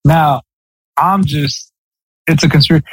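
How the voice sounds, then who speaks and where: A man's voice: on the high side, steady tone, measured pace, breathy edge, dry recording, low-quality recording. A man co-hosting a podcast in casual chat, rambling with lots of fillers and restarts. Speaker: podcast co-host.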